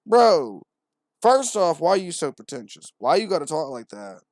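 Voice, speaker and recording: A man's voice: fairly high pitch, sing-song, brisk, darkish tone, no echo, clean studio sound. Profane, mocking young man. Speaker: podcast host. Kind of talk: irreverent comedic commentary.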